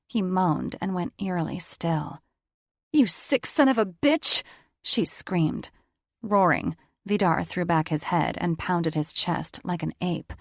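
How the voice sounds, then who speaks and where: Narrating an audiobook, a woman tells the story at an even, deliberate pace in a somewhat low, gravelly voice. The audio is close to the microphone and dry, carrying no sound of the room.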